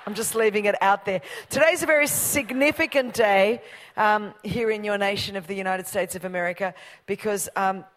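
A woman's voice: mid-range voice, normal speed, fairly bright tone. An Australian woman in her forties, a guest preacher who jokes and banters with the congregation in an exuberant way. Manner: exuberant and joking, banters with the crowd. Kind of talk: preaching a sermon. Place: large church auditorium. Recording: long reverb of a big hall.

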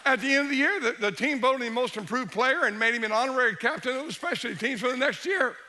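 Middle-aged male pastor, high and bright, animated storyteller, hushed to shouting. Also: fast, a little hiss or hum. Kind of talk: sermon storytelling.

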